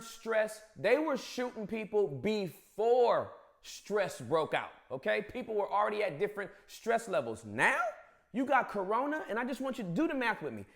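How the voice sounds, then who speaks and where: A man hosting a comedic news monologue, emphatic and playful. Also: sits high.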